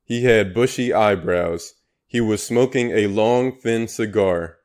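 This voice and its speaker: A man's voice: fairly low pitch, takes it slowly, darkish tone. A man narrating an audiobook in a dry, matter-of-fact manner. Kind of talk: scripted narration.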